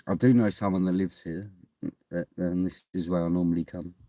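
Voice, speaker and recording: A man's voice: deep voice, fairly even intonation, brisk, warm tone, no room sound, clean studio sound. A man chatting casually to his phone camera from inside a parked car at night, in a wry, mumbling way. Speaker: vlogger.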